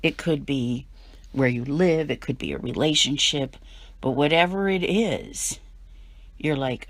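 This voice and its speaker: A woman's voice: low-pitched, measured pace, dry recording. A woman giving a weekly tarot reading in a chatty, emphatic way, now and then acting out a viewer's worried inner voice. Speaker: tarot reader.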